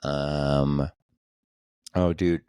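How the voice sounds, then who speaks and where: Very deep-voiced man rambling on a podcast. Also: fairly even intonation, very slow, mellow, clean tone, no room sound, clean studio sound. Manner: rambling, profane, joking. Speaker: podcast host. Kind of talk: casual solo podcast rambling.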